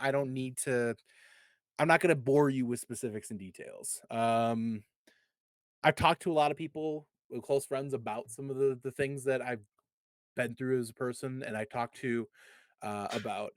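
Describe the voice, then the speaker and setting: A man in his thirties with a mid-pitched voice who talks in an earnest, reflective way and keeps restarting his sentences. The recording is dry and close. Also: no echo. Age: 30s. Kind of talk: casual podcast chat.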